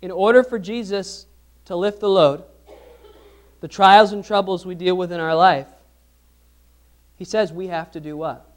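A man's voice: high-pitched, fairly even intonation, a little slow, long pauses. A man preaching a sermon as pastor, asking the congregation questions and repeating phrases for emphasis.

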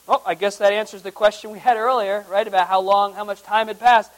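A male preacher with a high voice teaches through a Bible passage verse by verse. He reads the old formal scripture wording aloud, then explains it. His delivery swings dramatically, dropping to hushed, intimate tones and then climbing back to loud, emphatic high points. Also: flat delivery, brisk, hardly any pauses, rough recording.

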